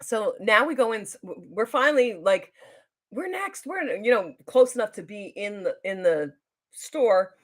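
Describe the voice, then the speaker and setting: A woman's voice: medium pitch, lively intonation, normal speed. A middle-aged woman telling a long story on her live stream, rambling and chatty, with lots of fillers and restarts. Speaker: YouTuber hosting a live stream.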